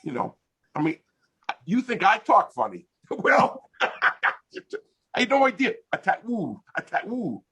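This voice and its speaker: Lively husky older American man. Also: high voice, takes it slowly. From United States. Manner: animated, laughing storyteller. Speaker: interview guest, hypnotist. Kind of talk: casual storytelling. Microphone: video call.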